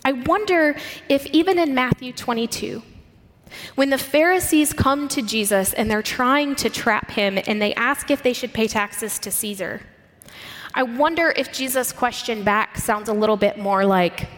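A woman's voice: a little high, a bit bright. A woman preacher giving a sermon, retelling stories vividly and earnestly, asking the listeners rhetorical questions. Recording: long hall reverb.

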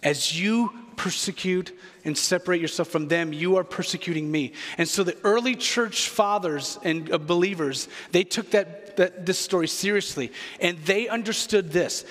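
A man's voice: sits high, fairly bright tone, long reverb tail. A man preaching a sermon as a pastor, reflective and earnest, repeating key phrases for weight.

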